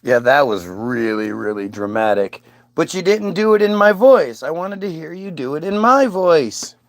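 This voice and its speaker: Man, fairly high voice, insistent and coaxing, casual chat, dry close sound. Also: big pitch swings, moderate pace, dry recording. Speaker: streamer talking to an AI.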